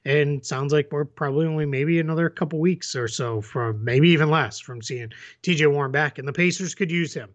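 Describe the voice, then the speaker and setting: A man co-hosting a sports podcast talks briskly in a higher-than-average voice. He keeps it casual, full of fillers and restarts, and he has the hiccups.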